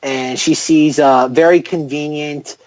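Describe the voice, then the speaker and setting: A man's voice: a little high, steady tone, unhurried, a little mellow, dry recording. A man co-hosting a film podcast, rambling sarcastically and filling his talk with "like". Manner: rambling, heavy "like" filler, sarcastic. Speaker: podcast co-host. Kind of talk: casual film podcast chat.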